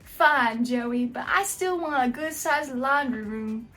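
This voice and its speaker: A woman's voice: sits high, takes it slowly, a bit bright, soft background music. A woman voicing a homeowner wife in a hammy, put-on odd accent. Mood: demanding. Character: homeowner wife planning a kitchen renovation.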